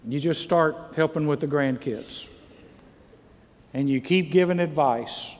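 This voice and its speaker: A middle-aged pastor preaches to his congregation with earnest, repeated rhetorical questions. His voice sits a little high for a man. The church hall rings with a long reverb. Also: unhurried, darkish tone, slight background noise. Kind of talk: sermon. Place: church sanctuary. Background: congregation calls amen.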